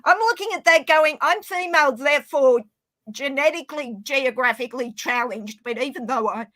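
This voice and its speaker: High, bright Australian woman chatting. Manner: chatty, quick to joke and apologise. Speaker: stream guest. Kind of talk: casual chat.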